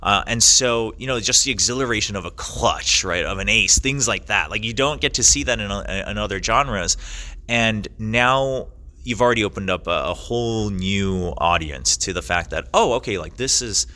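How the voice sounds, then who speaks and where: A man's voice: on the low side, normal speed, bright, forceful tone. A young man, an esports caster, answering interview questions thoughtfully with many fillers and restarts.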